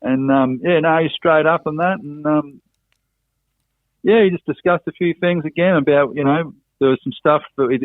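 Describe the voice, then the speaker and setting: A man's voice: mid-range voice, dry recording. A man chatting casually as a podcast guest, rambling and circling back on himself. His voice comes through a thin, phone-like line with a dry, close sound. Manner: rambling, full of "you know" and "and that", restarts. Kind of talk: casual chat.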